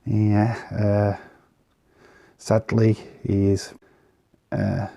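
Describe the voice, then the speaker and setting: A man casually commenting on trading cards in an easygoing, chatty way, pausing often with fillers. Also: lowish voice, monotone, gravelly, mellow. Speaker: vlogger showing trading cards.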